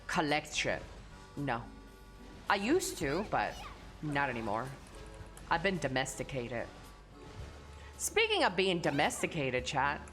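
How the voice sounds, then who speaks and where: A woman's voice: deep voice, pushed and bright. A young adult woman streaming live, chatting casually and answering chat bluntly, with frequent swearing. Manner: blunt and profane, reading chat aloud and answering.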